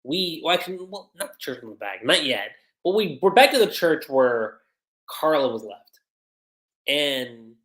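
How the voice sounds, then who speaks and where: An animated anime reviewer talks through an episode recap on a livestream, keeping it casual. The voice sits in a middle register but swings widely and expressively in pitch. Character lines are read aloud in between offhand asides.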